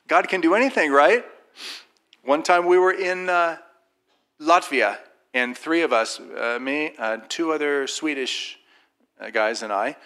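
Brief: man, bright, forceful voice, informal faith testimony, lively storyteller who mimics others. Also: medium pitch. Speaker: Christian speaker sharing a personal testimony.

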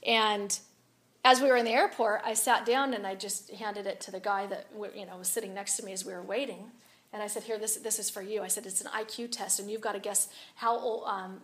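A woman's voice: fairly high pitch, a little hiss or hum. A woman speaking at a women's event, telling a story in a sermon, acting out both sides of a conversation and laughing often. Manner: animated, acts out dialogue, laughs often.

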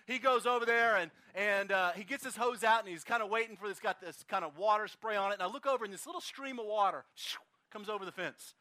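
A man preaching outdoors at a park service, telling a lively anecdote and acting out the other people in it. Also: high-pitched, fast. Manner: animated, acts out voices in anecdotes. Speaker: pastor. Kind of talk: storytelling sermon.

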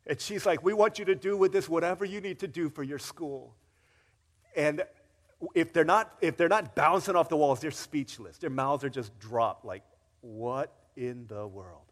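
A man preaching a sermon, telling a story in a lively way and acting out the quoted voices. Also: a little high, moderate pace, big-room sound. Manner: animated storyteller, acts out quotes with rising excitement. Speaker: pastor. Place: church sanctuary.

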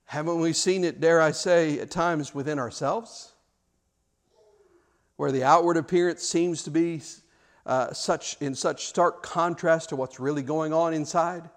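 A man's voice: fairly high pitch, steady tone, measured pace. A man preaching a sermon, telling stories with restarts and rhetorical questions. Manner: storytelling with repeated words and rhetorical questions. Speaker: pastor.

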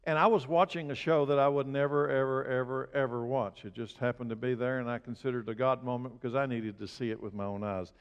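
A male pastor preaching a sermon, asking his congregation direct questions and building to emphatic, loud bursts. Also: medium pitch, fairly even intonation, fast, few pauses, clear, resonant tone, lo-fi sound. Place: church sanctuary. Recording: long reverb of a large hall.

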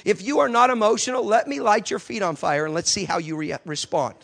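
A man preaching a passionate sermon as a pastor in a church, with sudden loud outbursts. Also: sits high, fairly quick, vocal fry.

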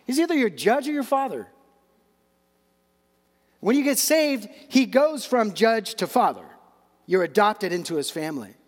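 Middle-aged male pastor, high voice, chatty animated sermon, long church-hall reverb. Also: normal speed, long pauses. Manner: conversational, animated preaching with asides and repeated words.

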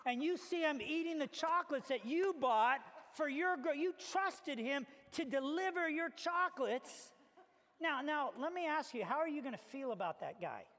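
A man preaching a sermon as a pastor, telling stories with animated acted-out little scenes. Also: extremely high pitch, normal speed. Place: church hall. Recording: reverberant hall.

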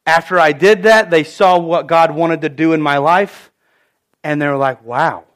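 High-voiced man preaching a lively sermon. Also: a little slow. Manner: animated, acts out quoted voices. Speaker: pastor.

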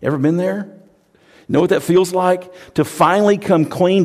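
A man preaching a sermon as pastor, dropping to hushed tones and then building to loud, emphatic, repeated phrases. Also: high-pitched, normal speed.

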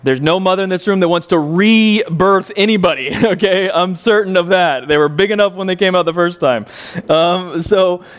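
Brief: male pastor, slightly high voice, relaxed folksy sermon delivery with joking asides. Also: normal speed, smooth. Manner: folksy, joking asides, frequent ums and uhs. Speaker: preacher. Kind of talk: conversational sermon.

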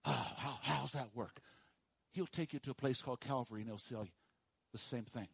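A pastor preaching a sermon to his congregation, dropping to hushed, slow emphasis and rising to loud, high calls for the room to repeat after him. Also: gravelly, slightly rough, no room sound. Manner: swings from hushed low emphasis to loud high call-and-response.

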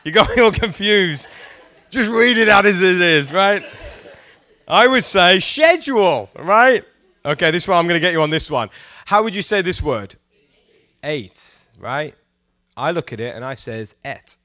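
A man's voice: sits high, animated, normal speed, pushed and bright, no echo. A middle-aged man with a British accent preaching to a youth gathering, playfully teasing the audience and prompting them to call out answers. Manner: interactive, prompting the crowd to answer. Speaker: youth pastor.

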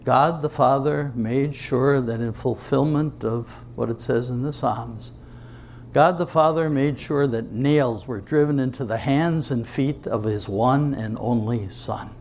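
Gravelly earnest male preacher. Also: medium pitch, a little hiss or hum. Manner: earnest, emphatic, with dramatic pauses. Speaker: pastor. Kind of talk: sermon. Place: church before a congregation.

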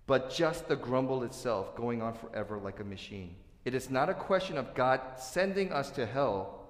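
Earnest preacher in an echoey hall. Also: male voice, medium pitch, animated, moderate pace. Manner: earnest, swings between soft asides and loud emphatic points. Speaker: pastor. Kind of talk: sermon. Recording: echoey hall with long reverb.

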